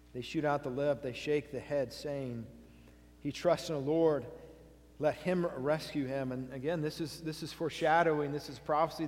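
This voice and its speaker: A man's voice: a little high, a little mellow. A male pastor preaching a sermon, earnestly asking his congregation questions and reading scripture aloud. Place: church sanctuary. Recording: long hall reverb.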